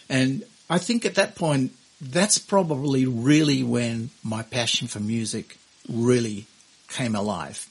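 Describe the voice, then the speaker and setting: An older man, telling stories from his music life as a podcast guest, reflective and given to soft laughs. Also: medium pitch, gravelly, husky, rough recording. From Australia. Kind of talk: storytelling interview.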